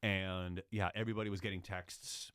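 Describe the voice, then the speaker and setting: A man, a former news radio reporter, recounting events in a relaxed, reflective interview chat. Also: deep voice, moderate pace, smooth. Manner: reflective storytelling, lively when retelling scenes.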